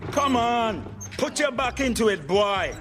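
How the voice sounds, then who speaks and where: A man's voice: very high voice, very animated, a little slow, crowd noise, heavily acted. An actor playing a scheming, sarcastic older father who runs a record shop, in a radio sitcom. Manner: sarcastic, cheeky. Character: cheeky scheming old dad, sarcastic.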